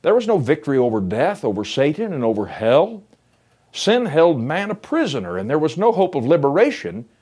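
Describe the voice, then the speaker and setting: A man preaching a sermon, building to emphatic lines and dropping to hushed ones, reading scripture aloud. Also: a little high, husky. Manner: reads scripture in King James English.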